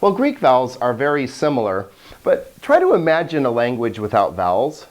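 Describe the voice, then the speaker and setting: A man's voice: mid-range voice, very animated, normal speed. A middle-aged man teaching a video lesson on Greek, enthusiastic and often chuckling as he explains.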